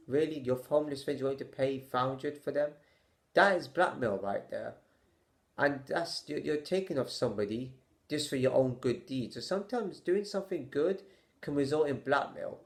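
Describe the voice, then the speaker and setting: A man with a voice of ordinary middle pitch rants to his camera. His delivery stumbles and stammers as he restarts sentences, and he sighs in exasperation between rhetorical questions. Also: moderate pace. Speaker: vlogger. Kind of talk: opinion rant to camera.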